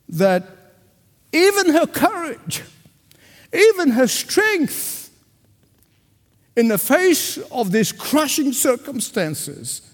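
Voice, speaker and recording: A pastor preaching a sermon to a congregation, emphatic and insistent, often repeating a word for stress. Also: male voice, high-pitched. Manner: addresses the congregation directly. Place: church sanctuary before a congregation. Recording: long reverb of a large hall.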